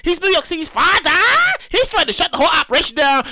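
A man's voice: very high voice, expressive, fast talker, few pauses, sharp tone, no echo. A man on a casual, profane rant to camera, emphatic and repetitive. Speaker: vlogger. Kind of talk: casual ranting monologue.

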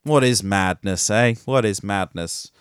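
A man's voice: lowish voice, measured pace, clean tone, dry recording, clean studio sound. A man hosting a podcast, giving theatrical, sarcastic solo commentary on tech news. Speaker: podcast host.

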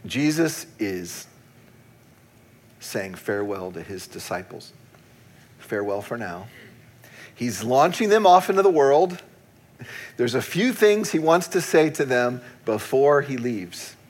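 Husky-voiced middle-aged male pastor preaching. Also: mid-range voice. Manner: candid, self-deprecating storytelling with frequent laughs. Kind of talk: sermon.

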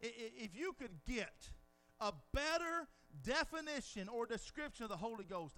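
Preacher, male, very high voice, bright and forceful, dramatic sermon delivery. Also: lively intonation, moderate pace. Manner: swings from near-whispers to shouted peaks; dramatizes scenes with quoted dialogue.

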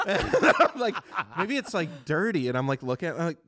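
Casting note: lively male podcast co-host, a bit high-pitched, swears freely, laughs mid-story. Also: fairly quick. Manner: animated, swearing, laughing through a funny story. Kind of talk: casual chat.

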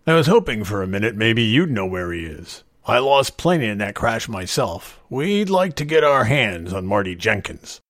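Folksy gossiping small-town realtor, higher and louder than the narration, played by a male reader. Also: sing-song, normal speed, few pauses, no echo. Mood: pointed. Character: folksy small-town male real estate agent, chatty.

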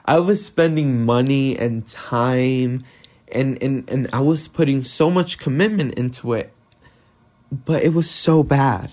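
This young adult podcast host speaks English with a non-native accent, delivering a candid, self-deprecating solo monologue and swearing often. His mid-range voice has a darkish tone, and he talks at a slow pace.

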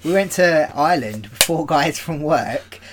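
A man's voice: a little high, animated, measured pace, noisy background. A young man co-hosting a podcast, telling stories in casual chat, laughing often and using lots of fillers. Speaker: podcast co-host.

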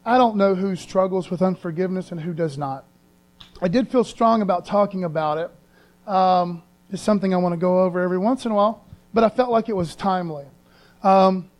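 A man's voice: high voice, normal speed, long pauses, darkish tone. A man preaching a sermon as pastor in a casual, earnest way, using slang and repeating phrases for emphasis.

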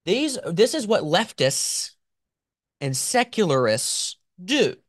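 A man hosts a political commentary show, talking with sarcastic, animated emphasis and mocking asides. His pitch swings widely as he argues. The sound is dry and close. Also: slow pace, no echo.

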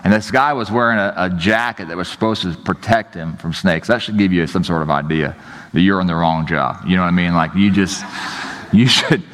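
A man's voice: low-pitched, a little fast, fairly bright tone. A man preaching a sermon as pastor, telling stories in a casual, joking way and often saying "you know, like". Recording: long hall reverb.

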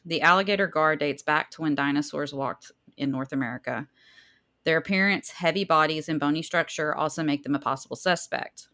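A woman with a Southern American accent co-hosts a casual podcast, reading through her research in a low-pitched voice. She is chatty and laughs easily, and now and then she trips over a difficult word. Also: fairly quick, bright, forceful tone. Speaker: podcast co-host.

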